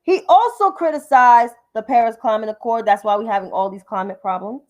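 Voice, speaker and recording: A woman with a high voice hosts a political commentary livestream. She talks in a combative, profane rant and keeps repeating names to drive her point home. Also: fairly quick, darkish tone, muffled recording.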